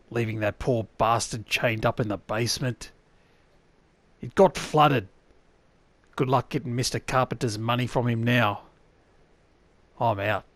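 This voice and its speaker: A man voicing a scornful gruff game thug. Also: mid-range voice, no room sound, lightly acted. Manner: scornful, berating. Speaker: game character. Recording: game audio with loud background noise.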